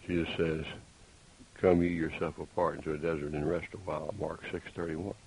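A man preaching a sermon, deliberate and emphatic, with pointed rhetorical questions. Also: extremely low pitch, flat delivery, a little mellow, husky, poor audio. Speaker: pastor. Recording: faint hiss.

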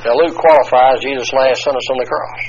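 A male preacher working through scripture in a measured teaching sermon, stopping to spell out Greek terms one letter at a time. The recording is muffled and lo-fi, with a faint hiss underneath. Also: mid-range voice, fairly even intonation, darkish tone. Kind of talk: expository Bible teaching sermon.

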